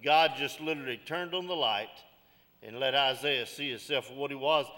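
Middle-aged male pastor, high bright voice, folksy sermon, church reverb. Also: normal speed. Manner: folksy, preaching with call-outs and jokes.

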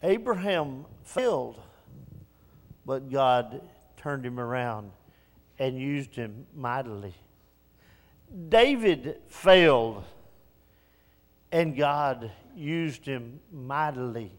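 A man pastor preaching a sermon in a folksy, self-mocking way that swells to shouts. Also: mid-range voice, expressive, drawn-out words, pauses often, long reverb tail.

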